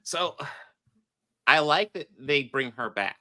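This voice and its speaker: A man's voice: a little high, lively intonation, slow, sharp tone. A man hosting a casual chat about a TV series, rambling, swearing and laughing often.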